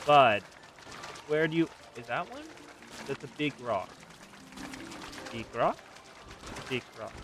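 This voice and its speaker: A man commenting casually on his own gameplay, talking to himself, swearing, and swinging between loud exclamations and quiet mutters. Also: medium pitch, animated, takes it slowly, pauses often, a little hiss or hum. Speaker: game streamer.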